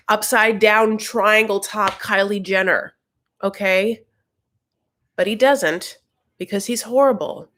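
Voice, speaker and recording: A woman's voice: mid-range voice, a bit bright. A woman hosting a casual show recap, talking in a gossipy, profane, ranting way.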